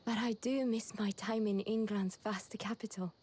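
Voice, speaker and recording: A woman voicing an earnest, formal young woman in a game, speaking in a measured, polite way. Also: medium pitch, steady tone, darkish tone, slightly rough, natural voice. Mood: wistful. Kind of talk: game voice acting.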